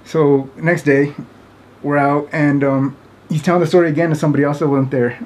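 A man tells a funny story in a loose, rambling way, full of fillers. His voice sits a little high for a man. He keeps breaking into laughter as he talks. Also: little pitch movement, a little fast, a little mellow. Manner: laughs often, rambling, many "like"s. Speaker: vlogger. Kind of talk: casual storytelling.

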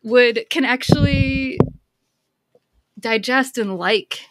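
A woman guest on a podcast, a counselor and author, talking reflectively with many "like" fillers and bursts of excited emphasis. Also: fairly high pitch, slow, heavy background noise. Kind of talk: casual podcast conversation.

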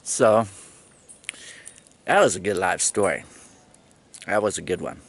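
A man in his fifties spins rowdy stories in a casual vlog, cursing freely and laughing along. His voice is gravelly, and his pitch leaps up and down as he acts out each moment. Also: unhurried. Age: 50s. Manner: animated, swearing, laughing storyteller.

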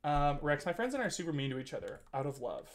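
A man's voice: a little high, sing-song, fast talker. Guy in his 20s streaming, rambly and teasey, laughs a lot, says like constantly. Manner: rambling and teasing, giggly, lots of filler words. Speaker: streamer reading chat. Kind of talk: casual live-stream chat.

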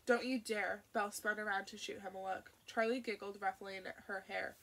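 A woman narrating an audiobook in a steady, expressive way. Her voice sits at a middle pitch and has a gravelly, creaky texture. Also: a little fast. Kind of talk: audiobook reading.

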